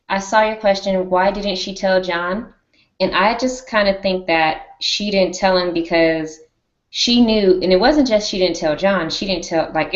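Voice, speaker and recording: A woman hosting a casual live-stream discussion on a video call, animated and acting out lines. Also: fairly low pitch, reverberant, muffled recording. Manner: animated, acts out characters' lines. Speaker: show host.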